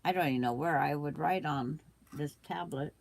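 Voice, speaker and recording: A woman's voice: low voice, normal speed, vocal fry. An older woman hosting a quilting livestream, chatting casually with viewers while she sews and trims fabric, with the hiccups.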